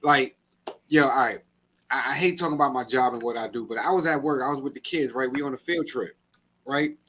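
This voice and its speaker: A man's voice: mid-range voice, big pitch swings, brisk, a bit bright, a little hiss or hum. A man co-hosting a podcast, ranting in casual slangy chat. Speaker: podcast co-host.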